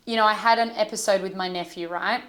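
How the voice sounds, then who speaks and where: A young adult woman from Australia, working as an emotional intelligence coach, talks earnestly and gently in a podcast conversation, telling stories with soft quoted asides. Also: medium pitch, fairly even intonation, fast talker.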